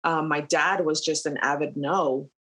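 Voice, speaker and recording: A woman airline captain, a podcast guest, telling a personal story in a relaxed conversational way with many fillers. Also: deep voice, measured pace, breathy edge. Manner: animated retelling with frequent fillers and laughs.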